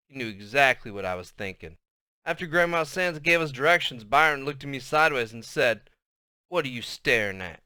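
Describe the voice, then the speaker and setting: A man reading a novel aloud as storybook narration, in a lively, expressive way. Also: mid-range voice, clear, resonant tone, no room sound, clean studio sound. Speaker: audiobook reader.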